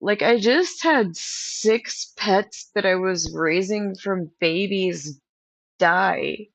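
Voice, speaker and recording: Speaking extremely slowly with vocal fry, this livestream host has an animated, mid-range voice and there's no room sound at all. She talks openly to her stream viewers in a casual chat, wandering through stories and leaning heavily on fillers.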